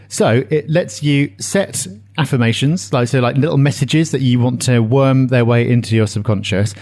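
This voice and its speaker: A man's voice: mid-range voice, a little mellow. A man co-hosting a property podcast, chatting casually and enthusiastically with frequent fillers. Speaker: podcast co-host. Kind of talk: casual chat.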